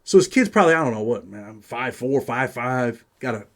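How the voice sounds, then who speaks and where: A man's voice: mid-range voice, lively intonation, moderate pace, a bit bright. Streetwise New man telling stories. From New York. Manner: streetwise, profane, peppers speech with "man". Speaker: host. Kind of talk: casual first-person storytelling.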